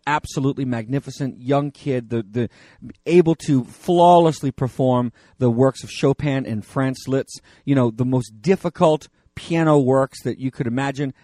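A man's voice: mid-range voice, a little mellow, dry recording, studio quality. A middle-aged man preaching a sermon as pastor, in a conversational way with frequent fillers and restarts.

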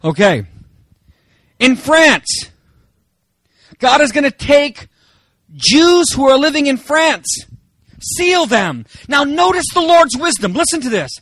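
A man from Germany delivers an emphatic sermon, often asking his congregation rhetorical questions. His voice sits high for a man. The sound is dry and close, with no room echo. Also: very animated, slow pace, pauses often, fairly bright tone. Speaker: pastor.

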